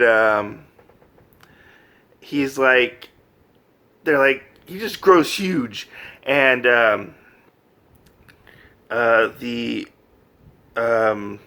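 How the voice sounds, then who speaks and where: Animated, chatty man reviewing manga. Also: a little high, very slow, long pauses. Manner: animated, filler-heavy, laughing often. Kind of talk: casual review chat.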